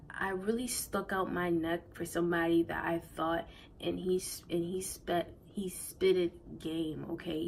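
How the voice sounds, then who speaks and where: A woman's voice: fairly low pitch, slight background noise, low-quality recording. A young woman telling a personal storytime in a casual, slangy way, emotional and close to tears, often repeating herself. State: near tears. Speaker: vlogger.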